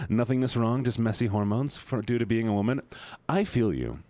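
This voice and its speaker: A man streaming live, chatting casually with his audience in an excitable, playful, teasing way. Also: mid-range voice, no echo.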